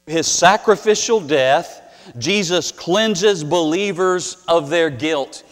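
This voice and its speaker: A man preaching a sermon, telling a story earnestly with dramatic pauses and rising to louder passages. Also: a little high. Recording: long hall reverb.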